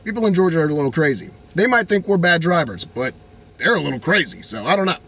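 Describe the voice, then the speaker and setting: Young man from Virginia, casual rant, bright tone, husky texture, lively swoops. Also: on the high side, fast talker. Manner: animated, laughing, rambling with restarts. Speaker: vlogger.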